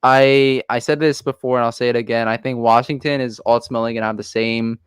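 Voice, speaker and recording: Smooth-voiced man hosting a sports stream. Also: medium pitch, steady tone, fast, no echo, clean studio sound. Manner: chatty, upbeat sign-offs. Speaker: host. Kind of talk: casual sports talk stream.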